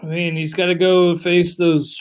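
Slightly high-voiced man leading a podcast. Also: moderate pace. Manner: steady, leads the segment, moves between topics. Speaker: podcast co-host. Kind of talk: casual fantasy baseball chat.

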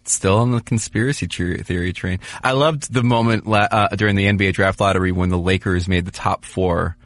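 A man's voice: sits low, fairly even intonation, fairly quick, no room sound. A man from New York hosting a podcast, chatting casually about sports with jokes and stumbling restarts. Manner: joking, repeats words when restarting. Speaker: podcast host.

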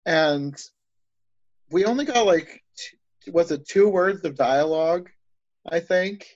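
A man with a slightly high voice talks eagerly in casual chat. He rambles and restarts as he thinks aloud. The recording is dull and lo-fi, with a dry, close sound. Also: slow pace, darkish tone, no room sound.

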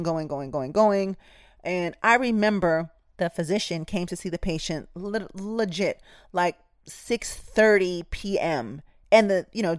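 In clean, dry studio sound, a nurse with a voice on the low side hosts her podcast. She tells work stories straight to her audience, direct and emphatic yet casual, in an instructive storytelling mode.

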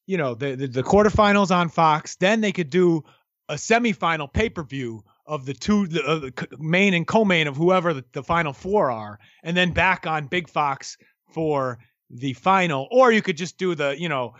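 Man, high voice, casual boxing chat, halting with fillers, dry dull lo-fi sound. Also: lively intonation, a bit bright, no echo. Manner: hesitant, many fillers and restarts, laughs easily. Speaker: boxing analyst co-host. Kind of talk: casual sports talk.

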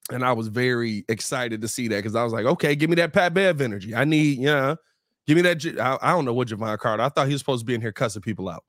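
A man co-hosting a sports podcast in a casual, animated way, his voice slightly hoarse. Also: mid-range voice, fast, no room sound. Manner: animated, laughs often, reads sponsor ads. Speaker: podcast co-host.

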